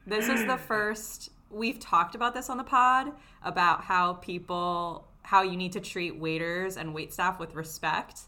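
A woman hosts a podcast and responds with enthusiastic, expressive reactions. Her voice is lowish yet bright and forward. She talks in a casual, chatty way. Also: measured pace, few pauses. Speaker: podcast host.

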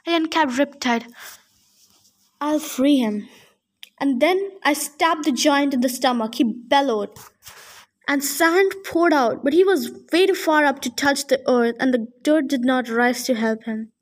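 High-voiced woman reading a story aloud. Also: a little slow. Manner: casual, adds joking asides. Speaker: audiobook reader. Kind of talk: first-person story narration.

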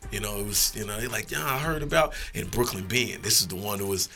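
A man's voice: on the low side, fairly even intonation, fast, pushed and bright. A man, a rapper guest, telling rambling, profane stories in a laid-back casual way. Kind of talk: casual storytelling.

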